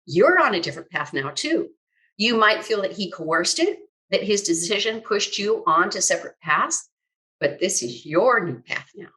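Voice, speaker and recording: A kind, upbeat older male mentor who coaxes and reassures, warm and encouraging, as a woman quotes him in her own voice. Mid-range pitch, with no attempt at a deep tone. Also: very animated, normal speed, poor audio. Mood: gentle, soothing.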